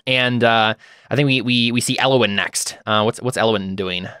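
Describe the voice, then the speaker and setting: A man narrating as game master of a tabletop role-playing game, talking in a halting way with many fillers and restarts. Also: medium pitch, sharp tone, smooth, dry recording, studio quality.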